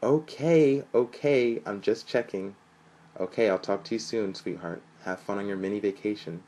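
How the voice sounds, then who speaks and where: A man voicing a chatty middle-aged mother with a melodic voice, lifting his own low, husky voice higher into a sing-song tone. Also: moderate pace, a little mellow, lightly acted. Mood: affectionate.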